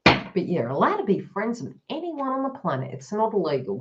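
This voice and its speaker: A woman's voice: medium pitch, huge pitch swings, normal speed, a bit bright, slight background noise. A woman giving a live card reading to her viewers, talking frankly and joking as she goes. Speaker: tarot reader.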